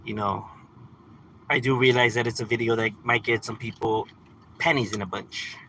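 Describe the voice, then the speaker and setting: A man's voice: medium pitch, fairly even intonation, moderate pace, sharp tone, slight background noise, poor audio. A man in his thirties from California, talking casually on a livestream in a laid-back, slangy way and laughing often. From San Fernando Valley, California. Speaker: livestream host.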